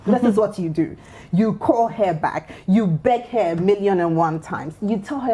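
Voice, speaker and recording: A woman from Ghana co-hosting a chatty advice panel. Her pitch swings widely as she talks, with a slightly husky edge. She sounds playful and keeps laughing her way through tips. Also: moderate pace, few pauses. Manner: animated, playful, laughs while advising. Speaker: co-host giving advice. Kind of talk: casual panel talk show.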